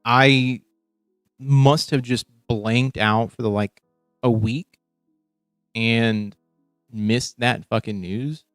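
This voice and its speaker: A man's voice: medium pitch, steady tone, very slow, pauses often, smooth, no echo, soft background music. A young man on a live stream reacting to a podcast, swearing freely and muttering sarcastic asides. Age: young adult.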